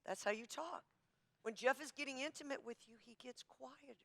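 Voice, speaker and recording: A woman pastor teaching a marriage class in an emphatic, forceful, coach-like manner. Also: high-pitched, a little fast. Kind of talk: sermon-style teaching.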